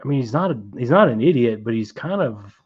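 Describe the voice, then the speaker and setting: A man's voice: medium pitch, animated, fast talker, a little mellow, slightly rough. A man hosting a casual film chat. He rambles with lots of fillers and laughs as he goes. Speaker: film club podcast host. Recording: dull lo-fi sound.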